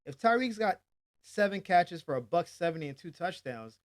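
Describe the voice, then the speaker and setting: A man hosting a daily sports news channel, chatting casually and animatedly, acting out quotes with hype shouts. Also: sits high, big pitch swings, moderate pace.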